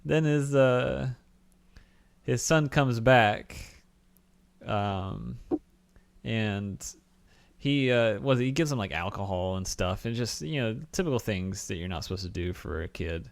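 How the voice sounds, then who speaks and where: A man's voice: lowish voice, lively intonation, takes it slowly, creaky, no echo. A man co-hosting a casual film-review podcast, rambling with fillers and laughing often. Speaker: podcast co-host.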